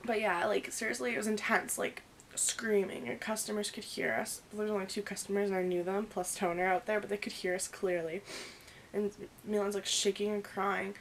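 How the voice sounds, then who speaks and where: A young woman in her early twenties telling a story in a casual vlog, rambling and animated, acting out the quoted dialogue. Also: medium pitch, brisk, a little hiss or hum. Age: young adult. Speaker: vlogger.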